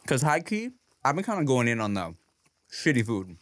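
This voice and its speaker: Man, podcast co-host, lively swooping pitch, slangy storytelling, laughs a lot, dry close sound. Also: moderate pace, no echo. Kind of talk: casual podcast chat.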